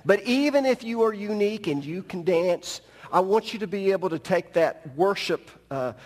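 A man preaching a sermon as pastor, telling a story with animated delivery and joking asides. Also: sits high, moderate pace, long reverb tail.

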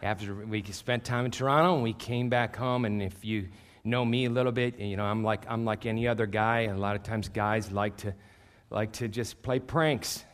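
A man in his fifties, a pastor, preaching a sermon through animated, self-deprecating personal stories that get loud at the punchlines. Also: lowish voice, moderate pace, few pauses. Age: 50s.

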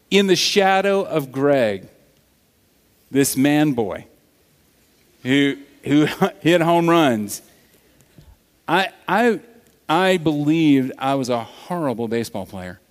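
A man preaching a sermon, telling stories in an animated way that swings from loud to hushed. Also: fairly high pitch. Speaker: pastor. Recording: long reverb of a large hall.

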